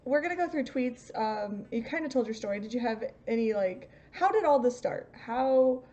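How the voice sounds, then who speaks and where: A woman's voice: a little high, expressive, normal speed, mellow, dull audio. A woman hosting a casual stream, talking bluntly and scolding her chat. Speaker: stream host.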